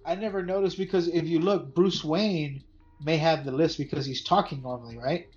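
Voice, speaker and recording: A man's voice: on the high side, steady tone, moderate pace, darkish tone. A man in casual chat, easygoing and agreeable. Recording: dull lo-fi with faint music.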